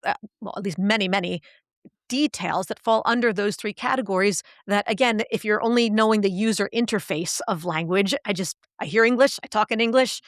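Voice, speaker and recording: A middle-aged woman with a mid-range voice talks through her expertise as a guest on a podcast. She is animated and acts out quoted lines as examples. The sound is close and dry. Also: medium pitch, a little fast, no echo. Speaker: guest, cognitive linguist and executive coach. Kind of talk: podcast interview.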